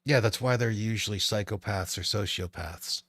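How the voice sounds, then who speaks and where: A man with a low, gravelly voice chatting on a podcast. He is blunt, swears freely and teases his friends wryly. The sound is close and dry. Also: normal speed, fairly bright tone, dry recording. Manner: blunt and profane, wry teasing. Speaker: podcast co-host. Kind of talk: casual podcast chat.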